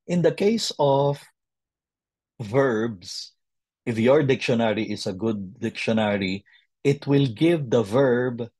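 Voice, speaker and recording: A man's voice: mid-range voice, a little mellow, no echo. A man teaching a webinar lesson, patiently drilling verb conjugations one form at a time. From Philippines. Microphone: video call.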